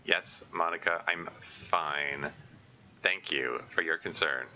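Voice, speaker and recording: Grumpy defensive teen girl, read by a guy lower than his usual voice, bright tone, dull lo-fi mic. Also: slow, a little hiss or hum, full character voice. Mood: gruff. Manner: gruff and defensive. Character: prickly stubborn teenage girl.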